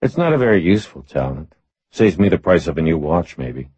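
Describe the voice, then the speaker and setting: A man voicing a laconic, tough adult man who answers in short deadpan lines in an audiobook. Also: sits low, brisk, breathy edge, no echo, exaggerated voice.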